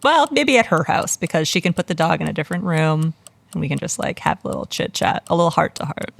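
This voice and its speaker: A woman's voice: deep voice, sing-song, quick pace, gravelly, no room sound. A woman playing a character in a tabletop role-play podcast. She speaks casually and hesitantly and laughs often. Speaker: player.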